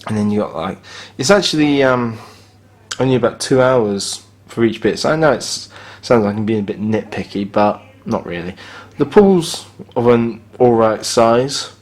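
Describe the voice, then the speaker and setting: A man with a mid-range, slightly mellow voice and lively intonation reviews a hotel room at a moderate pace while filming it handheld. His commentary is blunt and a little sarcastic, with casual grumbles about broken fittings.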